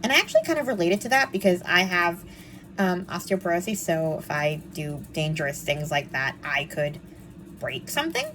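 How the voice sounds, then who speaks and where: A woman's voice: lowish voice, very animated, normal speed, fairly bright tone, a little hiss or hum, rough recording. A young woman chatting casually and with snark as she reviews a book series, with frequent ums and asides.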